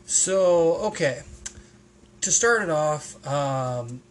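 A man's voice: a little high, expressive, very slow. A man hosting a casual podcast, rambling and hesitant, with plenty of restarts and ums. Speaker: podcast host.

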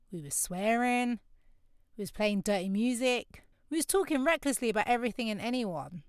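A woman's voice: medium pitch, clear, resonant tone, dry recording, studio quality. Candid young woman hosting a podcast. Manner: candid and chatty, laughing easily. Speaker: podcast host. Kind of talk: reflective solo podcast monologue.

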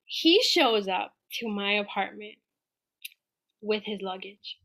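A woman guest on a podcast telling a personal story in a casual, animated way, acting out her own quoted dialogue. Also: mid-range voice, slow pace.

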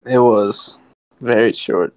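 A man's voice: medium pitch, steady tone, takes it slowly, a little mellow, no echo. A young man co-hosting a podcast, rambling in a laid-back, swearing casual chat. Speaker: podcast co-host.

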